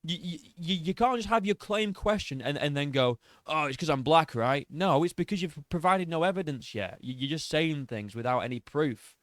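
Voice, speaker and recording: A man's voice: a little high, animated, normal speed, fairly bright tone, dry recording, studio quality. A man giving a mocking, profanity-laced reaction commentary on a video clip. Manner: mocking, sarcastic, swears freely, laughs at the clip.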